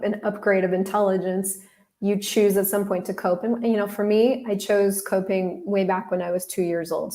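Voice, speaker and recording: A woman's voice: medium pitch, dark tone. A woman hosting a podcast, telling a story in a casual, candid way, talking straight to her listeners and swearing now and then. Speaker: podcast host.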